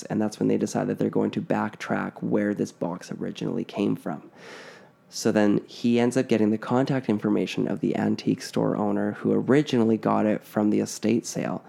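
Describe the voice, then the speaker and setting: A man with a low, gravelly voice tells a spooky story in a loose, casual way. His dark, mellow tone is peppered with "like" and "uh" as he goes. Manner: relaxed, filler-heavy, frequent "like".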